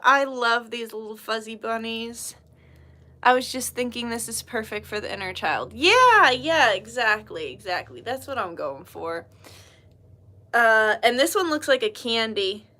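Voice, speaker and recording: British woman, livestream host, bubbly and giggly, slow-paced, a touch high. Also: lively intonation, bright, forceful tone. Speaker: livestream host showing handmade jewelry. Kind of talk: casual livestream chat.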